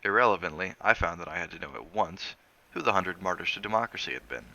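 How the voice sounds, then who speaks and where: A man reads a novel aloud in a steady, measured way. His voice sits very low with a gravelly fry, yet it comes through bright and forceful. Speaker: reader of a novel on a stream.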